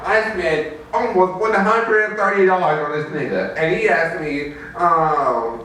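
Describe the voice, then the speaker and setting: A man with a slightly high voice tells stand-up stories at a small open mic, measured in pace with a pushed, bright tone. He swears heavily and laughs at his own lines, heard distantly in an echoey room.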